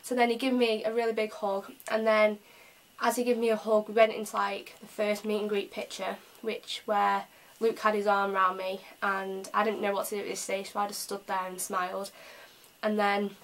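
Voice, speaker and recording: A young woman from England telling an excited story in a casual vlog, chatty and full of fillers. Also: mid-range voice, moderate pace, rough recording. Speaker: vlogger.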